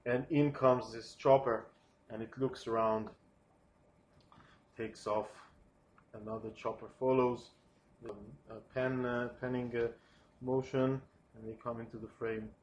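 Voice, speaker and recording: A man whose first language is not English, pitching a film scene in a hesitant, soft-spoken way with many pauses. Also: flat delivery, a little hiss or hum. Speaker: storyboard artist pitching a film. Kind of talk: informal pitch narration.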